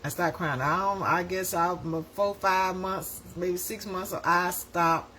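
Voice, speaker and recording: A woman, hosting and telling a story in a casual, animated way, often laughing and acting out voices. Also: fairly low pitch, slow, a little hiss or hum. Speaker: host.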